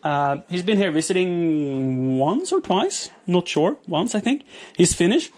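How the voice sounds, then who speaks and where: A male streamer with a slightly high voice chats loosely while he works with his hands. He rambles, restarts his sentences and answers chat messages as they come in. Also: very animated, a little slow, a little mellow. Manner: chatty, rambling, reads chat aloud, frequent restarts and laughs. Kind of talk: casual live-stream chat while doing chores.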